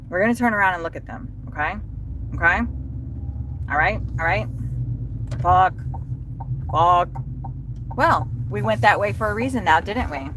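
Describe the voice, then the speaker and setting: A woman who delivers for a rideshare service, chatting casually and excitably on a livestream from her car, swearing freely. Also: lowish voice, moderate pace, long pauses. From Texas. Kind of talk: casual driving livestream chat. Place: inside a moving car. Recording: car noise behind voice. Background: road and engine noise.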